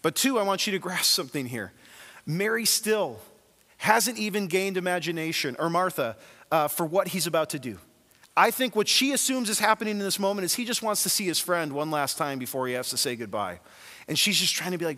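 A man preaching a sermon as a pastor, earnest and emphatic, swinging from quiet to loud as he tells the story. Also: sits high, expressive, fairly quick, long reverb tail.

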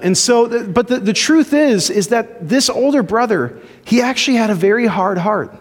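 A male pastor preaching a sermon, swinging between loud emphasis and hushed low lines and acting out the voices he quotes. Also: expressive, brisk, hardly any pauses, in a large hall.

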